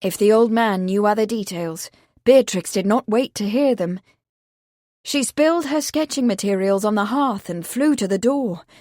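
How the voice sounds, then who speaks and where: Speaking at medium pitch, a woman tells a story from a script for an audiobook in a calm, measured way. The recording is clean studio sound without any echo.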